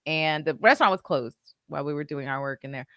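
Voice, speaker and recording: A woman hosts a casual podcast chat with a bright, forceful voice. She tells her story in an animated way and swears bluntly. The sound is dry and close, with no room around it. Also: deep voice, quick pace, no room sound. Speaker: podcast host.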